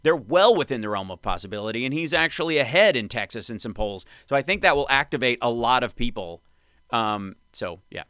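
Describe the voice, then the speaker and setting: A man hosting a live stream, reacting to clips with wry, excitable commentary. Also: mid-range voice, brisk, clean tone. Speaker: host.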